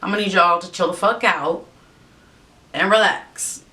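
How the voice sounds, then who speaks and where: A woman's voice: moderate pace, sharp tone. A young woman vlogger ranting with a lot of swearing while she does her makeup at home. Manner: profane, exasperated ranting. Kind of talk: rant while doing makeup. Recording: slightly distant mic, faint rumble.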